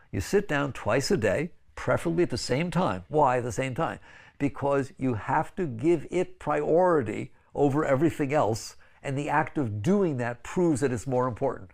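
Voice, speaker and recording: His voice has vocal fry and a darkish tone. An older spiritual teacher, he lectures conversationally and pleadingly, with frequent "right?" asides and abrupt high, exclaiming bursts when acting out others.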